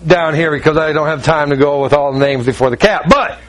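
Man, pastor, high-pitched voice, emphatic sermon, repetitive phrasing. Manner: emphatic, repetitive preaching with quick asides.

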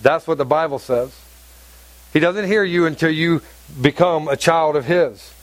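A man with a high voice preaches to his congregation, driving his points home by repeating phrases. He keeps asking the room questions as he goes. His voice is close and dry. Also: a little slow, no echo. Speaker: pastor. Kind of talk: sermon. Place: church hall with congregation.

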